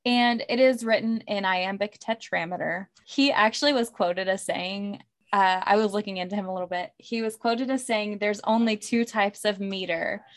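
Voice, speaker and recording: A woman's voice: medium pitch, fairly even intonation, normal speed. Woman podcast host chatting about a poem, lots of likes and ums, laughs a bunch. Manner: chatty, many "like" and "um" fillers, laughs often. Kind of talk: casual literary discussion.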